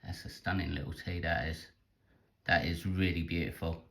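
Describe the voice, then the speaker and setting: A man, hosting a casual vlog and chatting in a relaxed way about his tarantulas, with plenty of ums. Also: low-pitched, normal speed, gravelly. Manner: chatty, laid-back, says um and uh a lot. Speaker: tarantula keeper and channel host. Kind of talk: casual show-and-tell vlog.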